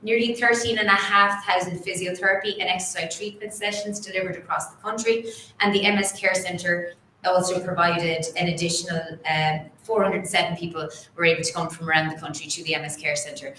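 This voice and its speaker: Woman, chief executive, formal presentation, bright forceful tone, echoey meeting room. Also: fairly low pitch, steady tone, brisk, a little hiss or hum. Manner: clear, businesslike delivery with occasional fillers.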